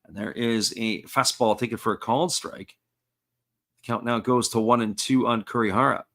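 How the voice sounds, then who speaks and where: A man calling a baseball game live, his voice sitting at an everyday middle pitch. He talks in an easygoing, folksy way, describing each pitch and chatting with viewers in between. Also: moderate pace, vocal fry. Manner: steady, folksy play-by-play with asides to chat. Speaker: play-by-play commentator.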